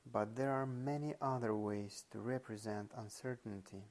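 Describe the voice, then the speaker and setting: A man reading a nonfiction audiobook aloud, slow and deliberate, leaning on the example words he stresses. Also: fairly low pitch, steady tone, darkish tone. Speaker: audiobook reader.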